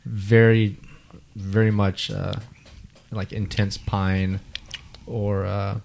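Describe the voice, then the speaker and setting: A man's voice: on the low side, flat delivery, very slow, gravelly, darkish tone, slight background noise. A man hosting a casual beer-tasting chat, explaining each beer at length. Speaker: beer podcast host.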